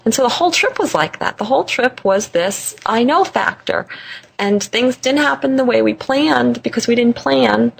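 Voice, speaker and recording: A woman guest in an interview, telling a personal story in an animated way, laughing often and repeating phrases for emphasis. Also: on the high side, moderate pace, creaky, a little hiss or hum. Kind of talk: conversational storytelling.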